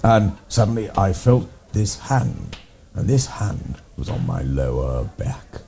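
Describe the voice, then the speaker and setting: English man, low and mellow, lively delivery, deadpan rambling raconteur for comedy chat. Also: takes it slowly, gravelly. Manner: rambling, deadpan tall tales told with relish. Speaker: co-host playing a gentleman's club character.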